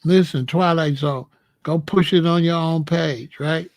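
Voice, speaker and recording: A man's voice: a little high, steady tone, unhurried, a little mellow. A man hosting a livestream, ranting and mocking viewers in the chat in a combative, profane way. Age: adult. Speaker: livestream host. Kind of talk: heated livestream rant.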